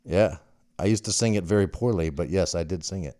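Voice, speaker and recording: Laid-back low-voiced man on a call. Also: brisk, warm tone, no room sound, clean studio sound. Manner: easygoing, laughs often, trails off with fillers. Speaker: podcast host. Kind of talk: casual phone chat. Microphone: recorded phone call.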